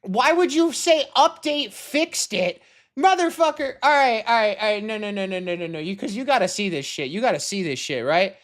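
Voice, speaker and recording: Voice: mid-range voice, lively intonation, normal speed. A young adult hobby game developer commenting casually while coding, exasperated, talking to themself and swearing often. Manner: rants loudly at an online commenter.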